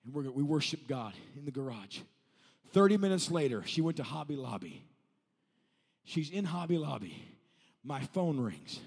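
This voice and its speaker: A male evangelist in his thirties, preaching a revival sermon that moves from telling a story to shouting. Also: fairly high pitch, big pitch swings, moderate pace, gravelly, slightly rough, big-room sound.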